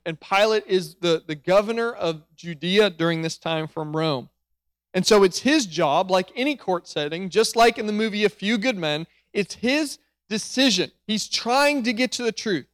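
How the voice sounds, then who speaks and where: Male pastor, conversational sermon, small restarts, high voice, dry close sound. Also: a bit bright, no echo.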